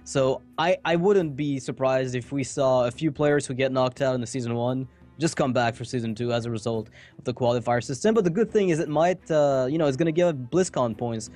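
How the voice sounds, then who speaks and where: A man casting an esports match, chatting casually between games with quick asides and jokes. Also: mid-range voice, a little mellow, soft background music. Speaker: esports caster. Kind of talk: casual pre-match commentary.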